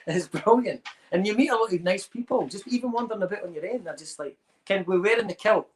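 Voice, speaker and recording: A man's voice: high-pitched, expressive, fast talker, a little mellow, low-quality recording. Chatty Scottish man telling tales. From Scotland. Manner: rambling anecdotal storytelling with Scots slang. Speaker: guest. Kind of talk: casual chat.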